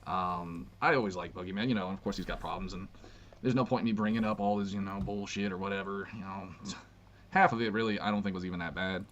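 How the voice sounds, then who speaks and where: A man's voice: deep voice, steady tone, fast talker, fairly bright tone. A man ranting in a brash, slangy way, saying "bro" often. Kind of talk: casual rant. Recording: dull lo-fi clip with faint noise.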